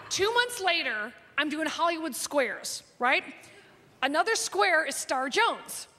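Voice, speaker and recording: A woman's voice: high voice, expressive, measured pace, bright, forceful tone, slight background noise. A woman comedian telling a brash, profane, gossipy story on stage. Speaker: stand-up comedian. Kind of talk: stand-up storytelling. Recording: live hall recording with audience.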